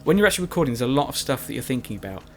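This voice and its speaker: A man's voice: medium pitch, very animated, racing. A man giving chatty, rambling commentary over his own recorded gameplay, joking at his own expense. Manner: chatty, rambling, self-mocking. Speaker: Let's Play commentator.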